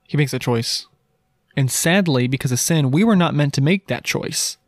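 A man's voice: on the high side, lively intonation, moderate pace, no room sound. A man hosting a podcast, giving a casual Christian teaching talk in an earnest, emphatic way, with many rhetorical questions and restarts. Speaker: podcast host.

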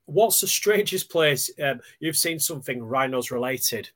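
A man's voice: medium pitch, expressive, a little slow, a bit bright. A man co-hosting a podcast, chatting casually and reading out listener messages, hesitant with lots of ums. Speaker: podcast co-host.

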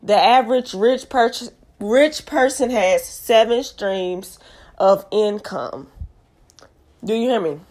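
A woman's voice: fairly high pitch, darkish tone. A young woman with a stuffy nose from allergies hosts her own show in a casual monologue, making emphatic points, repeating them, and asking the audience directly. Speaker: show host.

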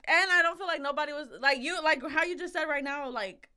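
A woman's voice: high-pitched, a little fast, bright, forceful tone. A woman co-hosting a podcast, telling a story in casual chat, blunt and profane, acting out the lines of the people in it. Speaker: podcast co-host.

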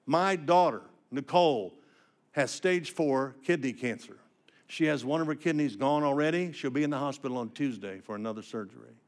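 An older man preaching a sermon, telling his story with emotion and swinging from hushed to emphatic. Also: medium pitch, moderate pace.

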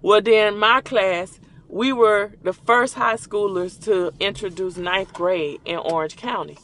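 A man's voice: sits high, pushed and bright, a little hiss or hum. A middle-aged man hosting a show, telling a rambling, conversational story from his car at a drive-thru. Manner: rambling, conversational, acts out remembered dialogue. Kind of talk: casual storytelling while ordering at a drive-thru.

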